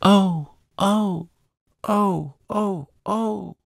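A man's voice: steady tone, very slow, no room sound, studio quality. A man voicing a small, spoiled girl who wails and sobs in a storybook reading. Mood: wailing. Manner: high wailing sobs.

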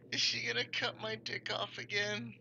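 A man's voice: high-pitched, creaky, pushed and bright, highs cut off, slight background noise. A man giving casual, profane commentary while playing a horror game, joking and reacting aloud. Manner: profane, swearing often. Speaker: gaming YouTuber. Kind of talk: casual Let's Play commentary.

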